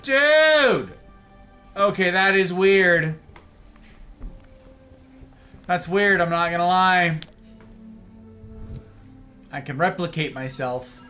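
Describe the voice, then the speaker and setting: A man's voice: high voice, lively intonation, very slow, long pauses, pushed and bright, soft background music. A man streaming a video game, joking playfully with his chat and putting on silly voices. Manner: playful, goofy, jokey voices. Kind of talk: live game commentary.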